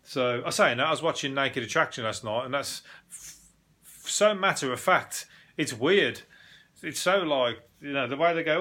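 A man with a thick Birmingham accent hosts a podcast in a loose, sweary, comedic rant. His voice sits a little high and sounds sharp and bright. He rambles, restarts his sentences and laughs at his own points. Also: animated, normal speed. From Birmingham, England. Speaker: podcast host.

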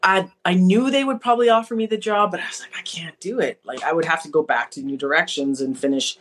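A woman from Manitoba, a podcast guest telling her faith testimony, acting out conversations with lively animation. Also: fairly low pitch, fast talker. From Manitoba, Canada. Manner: animated storyteller who acts out conversations. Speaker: interview guest.

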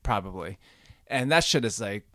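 Male podcast co-host, relaxed, casual, swears a bit, dry close recording. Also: medium pitch, normal speed, no room sound. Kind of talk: casual chat.

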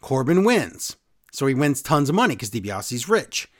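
A man's voice: mid-range voice, very animated, normal speed. A man co-hosting a casual chat, retelling a show in detail and briefly mimicking the people he quotes. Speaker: podcast co-host recapping wrestling.

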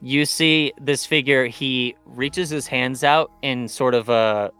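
A man's voice: mid-range voice, steady tone, slow pace, sharp tone, clean tone, no echo, soft background music. A man narrating as game master of a tabletop role-playing game, in a casual manner.

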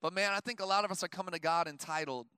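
This man in his thirties is a pastor delivering a sermon to his church, talking rapid-fire in a high-pitched, clear, resonant voice. He preaches with mounting intensity, then slips into relaxed, conversational stories thick with "like" and "you know." There's no room sound.

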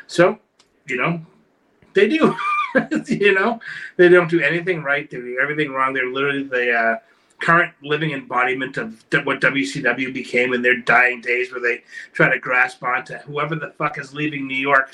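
A man's voice: mid-range voice, brisk, sharp tone, rough recording. A man co-hosting a wrestling podcast, ranting with lots of profanity and mockery. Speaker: podcast co-host. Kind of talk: casual chat.

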